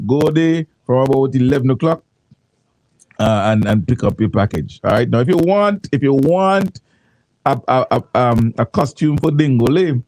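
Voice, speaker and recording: A man's voice: mid-range voice, expressive, brisk, a little mellow, dry recording, rough recording. A man hosting casual morning radio, rambling with restarts and local slang. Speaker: radio host. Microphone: studio microphone.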